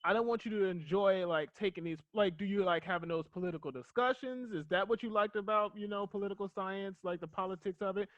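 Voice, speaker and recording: A man's voice: sits high, quick pace, hardly any pauses, a bit bright, dry recording, muffled recording. A man, a guidance counselor, giving earnest advice in a casual podcast conversation. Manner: earnest, advising tone.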